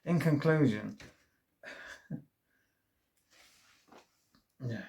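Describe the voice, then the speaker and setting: A man hosts a casual review monologue about a record. He talks at an ordinary middle pitch. He is eager and wandering, with plenty of ums and half-finished phrases as he piles on praise. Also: takes it slowly, creaky, a little mellow. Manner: enthusiastic, rambling with many fillers and restarts.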